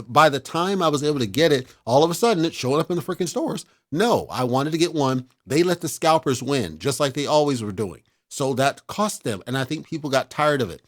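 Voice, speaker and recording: A man hosting a casual talk show, giving blunt, exasperated opinions in a lecturing rant. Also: on the high side.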